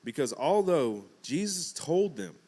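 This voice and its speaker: A man's voice: on the high side, very animated, unhurried, dark tone, slightly rough. A man preaching a casual, conversational sermon, acting out quotes with jokes and asides. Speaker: pastor.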